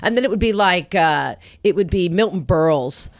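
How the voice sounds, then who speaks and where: A woman guest on a comedy podcast, telling profane stories in a lively way and acting out the people in them. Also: lowish voice, moderate pace, dry recording, studio quality. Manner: animated, profane, acts out the people in her stories. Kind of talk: casual chat, comic storytelling.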